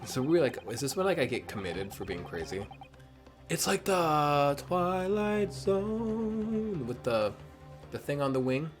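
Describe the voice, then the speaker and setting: Man streamer, tipsy and a bit hoarse, rambling jokey game chat, voice jumping all over. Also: a little high, big pitch swings, measured pace, soft background music. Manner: rambling, self-mocking, jokey. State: mildly tipsy. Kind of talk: casual gameplay commentary.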